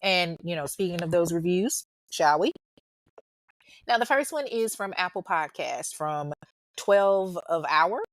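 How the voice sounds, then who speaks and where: A woman's voice: lowish voice, animated, measured pace, no room sound. Blunt, outspoken woman podcast host. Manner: blunt, outspoken, swears freely; chatty, informal, addresses listeners as y'all. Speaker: true crime podcast host. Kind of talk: casual podcast chat and outro.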